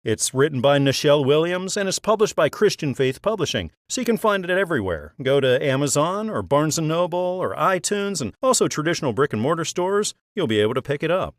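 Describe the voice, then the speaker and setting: Encouraging male interviewer, lively pitch. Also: a little fast, few pauses, no echo, clean studio sound. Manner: encouraging, asks friendly questions, laughs along. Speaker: podcast host. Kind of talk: interview hosting.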